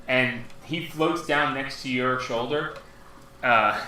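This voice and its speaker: A man running a tabletop game as game master, narrating with animated, playful storytelling. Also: mid-range voice, takes it slowly. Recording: echoey room, far from mic, noisy.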